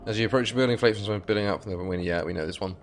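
A man's voice: fairly low pitch, rapid-fire, soft background music. A man hosting a let's play, commenting wryly and reading game text aloud. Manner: chatty, sweary, wry.

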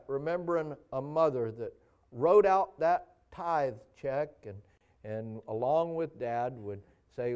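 A pastor preaching and praying before his congregation in a church, with an earnest, halting delivery and frequent pauses. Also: fairly high pitch, mellow, smooth. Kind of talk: sermon. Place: church sanctuary.

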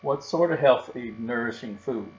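A man's voice: mid-range voice, moderate pace, close to an everyday voice. A man reading a storybook aloud and voicing a fussy father bear who loves his snacks. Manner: exclaiming, fussy. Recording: dull recording with faint hum.

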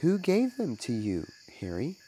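A man's voice: mid-range voice, a little slow, darkish tone, slight background noise, voice pushed up, close to an everyday voice, poor audio. A man voicing an earnest mother who questions her son in decided tones.

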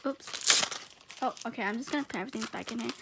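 Bubbly high-voiced woman unboxing gifts. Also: creaky, heavy background noise. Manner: excitable, gushing, frequent gasps and giggles. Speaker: unboxing vlogger. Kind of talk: casual unboxing chat.

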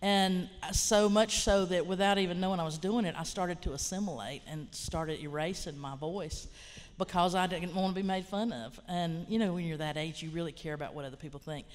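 A woman's voice: fairly low pitch, fairly quick, hardly any pauses. Southern Appalachian woman in her fifties, plainspoken rambling panelist, slight reverb from a large hall. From Appalachia, western North Carolina. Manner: frank, rambling, plainspoken, with mild swearing. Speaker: writer and college teacher on a panel. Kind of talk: casual panel storytelling.

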